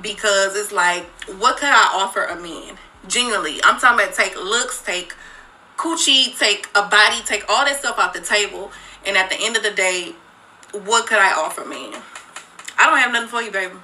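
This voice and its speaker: A woman's voice: mid-range voice, normal speed, bright, forceful tone, low-quality recording. A woman and single mother speaking in a confessional social media video, candid and profane, talking straight to her viewers. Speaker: single mother, former dancer.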